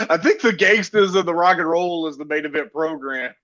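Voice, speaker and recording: A man's voice: a little high, normal speed, bright, forceful tone, lo-fi sound. A man co-hosting a wrestling podcast, laid-back and laughing easily as he explains. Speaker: podcast co-host. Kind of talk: casual chat.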